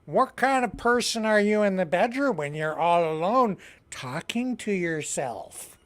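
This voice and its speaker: A man's voice: high-pitched, animated, unhurried. A Canadian man with a Canadian English accent hosting a live news show, rambling through casual commentary and often laughing at his own jokes.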